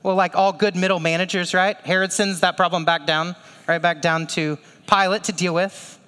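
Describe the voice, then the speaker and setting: A man's voice: sits high, flat delivery, moderate pace, pushed and bright, clear, resonant tone, big-room sound. A male pastor preaching a sermon in a conversational way, with rhetorical asides and questions.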